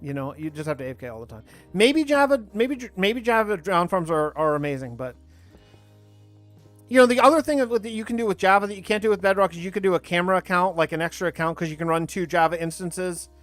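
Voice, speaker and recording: A man's voice: sits high, animated, fast, fairly bright tone, dry recording, soft background music. A man in his thirties chatting casually on a live stream, rambling while he plays and answers chat. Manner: rambling, talks over gameplay and answers chat.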